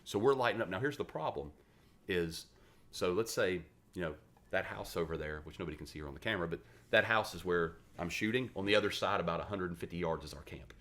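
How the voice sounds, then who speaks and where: Low-voiced West Virginia man, 40s, gruff profane raconteur, podcast guest. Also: fast, few pauses. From West Virginia, USA. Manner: blunt, profane, animated storyteller. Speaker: podcast guest, retired Marine. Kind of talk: casual interview storytelling.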